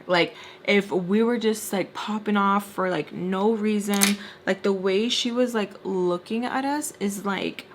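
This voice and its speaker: A young woman casually telling a story while doing her makeup, animated and full of fillers. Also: mid-range voice, unhurried, slight background noise. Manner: animated, filler-heavy retelling with quoted voices. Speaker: storytime vlogger.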